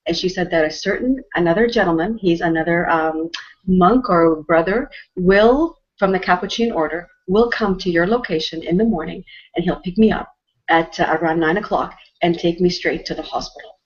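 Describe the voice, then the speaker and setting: A woman from Canada with a lowish voice tells a heartfelt personal story as a host. She is earnest and emotional and often restarts her sentences. The audio is muffled and lo-fi. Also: normal speed. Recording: dull lo-fi audio.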